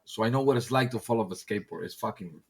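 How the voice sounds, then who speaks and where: Animated middle-aged man telling stories. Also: quick pace, gravelly, breathy edge. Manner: animated storyteller who acts out old-timers in a high voice. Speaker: discord caller. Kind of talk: casual chat. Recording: voice chat over discord.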